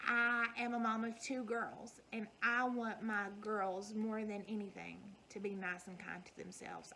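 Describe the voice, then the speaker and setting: A woman's voice: mid-range voice, takes it slowly, creaky, bright, forceful tone, slight background noise, rough recording. A woman, giving an earnest, folksy motivational talk to her viewers. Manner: earnest, folksy, emphatic repetition. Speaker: vlogger.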